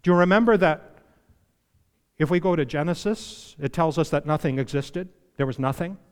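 Man, pastor, sermon, emphatic, asks the congregation questions, fairly high voice, long church-hall reverb. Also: moderate pace, clear, resonant tone.

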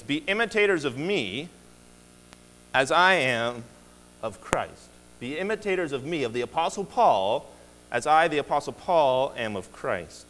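A man's voice: a little high, a bit bright, in a large hall, poor audio. A man preaching a sermon as pastor, earnest and emphatic, often restarting his phrases. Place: church sanctuary.

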